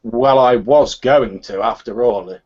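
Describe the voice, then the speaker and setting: A man voicing a calm masked martial artist. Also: mid-range voice, breathy edge. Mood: courteous. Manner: measured, courteous, slow delivery. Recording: muffled lo-fi voice chat.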